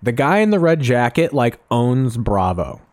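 A man's voice: medium pitch, big pitch swings, measured pace, a little mellow, dry recording. Man, podcast co-host, profane, jokey, rambling, dry close mic. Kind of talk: casual profane chat.

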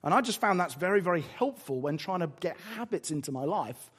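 A man's voice: high-pitched, brisk, slightly rough. A man with an English accent preaching a sermon, telling stories and acting out little asides. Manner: animated storytelling with acted-out asides.

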